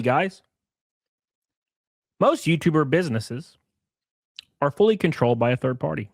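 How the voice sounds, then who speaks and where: A man's voice: medium pitch, animated, takes it slowly, long pauses, dry recording, clean studio sound. A man giving casual, profane commentary as host, reading messages aloud and mocking their subject with sarcasm and laughter.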